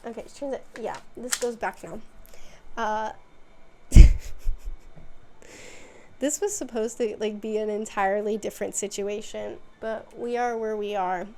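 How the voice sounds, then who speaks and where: A woman's voice: medium pitch, fairly even intonation, unhurried, pauses often, dark tone, a little hiss or hum. A young woman hosting a casual recap video, telling the story in a rambling, filler-heavy way. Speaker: video host.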